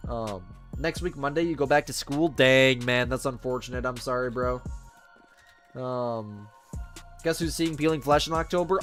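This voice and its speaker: A man's voice: mid-range voice, moderate pace, fairly bright tone, soft background music. A man hosting a live game stream, casually chatting with viewers and reading their messages in a chummy, laid-back way. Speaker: livestream host.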